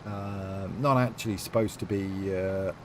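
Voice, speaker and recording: A man's voice: low voice, steady tone, measured pace, background noise. A man streaming a farming game, chatting loosely with viewers and reading their messages aloud, with lots of fillers. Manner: rambling, reads chat aloud, many fillers. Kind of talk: casual livestream chat.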